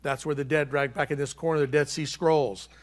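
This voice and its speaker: A man preaching a sermon as pastor, emphatic and repeating key phrases, swinging between loud and hushed delivery. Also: on the high side, steady tone, brisk.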